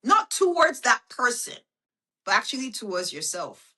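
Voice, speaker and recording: A woman hosting a podcast, giving a slow, intimate self-help monologue that speaks to the listener as a friend and swears casually. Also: fairly high pitch, big pitch swings, pushed and bright. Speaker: podcast host.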